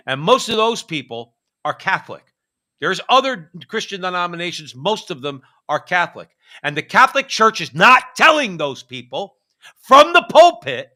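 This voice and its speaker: On a political commentary show, an American male co-host goes on an emphatic rant full of restarts. He has a high, bright voice with a forceful edge.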